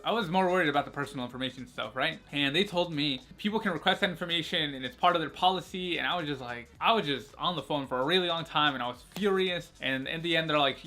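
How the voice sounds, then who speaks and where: Brief: young male vlogger, slightly high voice, rambling and candid, faint music underneath. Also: a little fast, sharp tone. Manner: rambling, filler-heavy, candid and self-mocking. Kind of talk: casual storytelling to camera.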